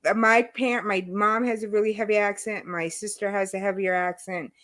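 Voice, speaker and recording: A woman's voice: mid-range voice, brisk. A middle-aged woman from New York with a New York accent, hosting a casual chat over a video call and laughing often. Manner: chatty and animated, laughs often. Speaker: host.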